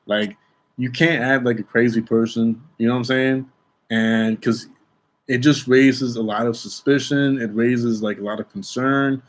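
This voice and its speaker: A young airport security officer tells his viewers a work story in a casual storytelling vlog, chatting away, often checking in with "okay?" and restarting sentences. His voice is medium-pitched and steady, a little slow.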